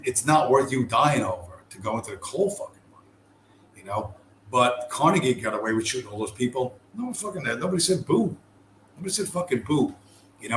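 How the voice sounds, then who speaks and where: A man's voice: medium pitch, a bit bright. A man ranting casually as a podcast host, profane and rambling, with heated asides. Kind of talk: casual rant. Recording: echoey room with faint ambient noise.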